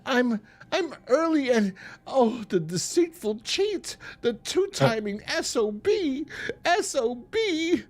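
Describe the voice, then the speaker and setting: A man voicing a jealous young woman, a suspicious fiancée, in a shrill, indignant, drawn-out manner. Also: big pitch swings, exaggerated voice. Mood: outraged.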